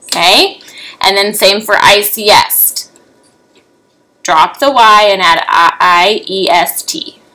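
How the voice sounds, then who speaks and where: A young adult woman teaches young children remotely, her medium-pitched voice slow, bright and forceful despite poor audio. She's patient and keeps checking in with rising "okay?" prompts.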